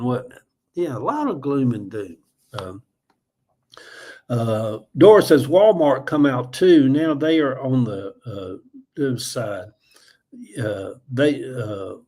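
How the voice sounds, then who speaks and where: A man's voice: mid-range voice, expressive, slow pace, dark tone. A middle-aged man with a Southern accent from Georgia, chatting casually on a livestream, rambling in a folksy way and reading viewer comments aloud. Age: 40s or older. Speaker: livestream host.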